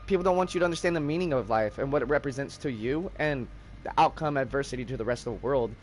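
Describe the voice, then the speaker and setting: A man's voice: mid-range voice, quick pace. A young man hosting a gaming livestream, ranting in a heated, profane, casual way.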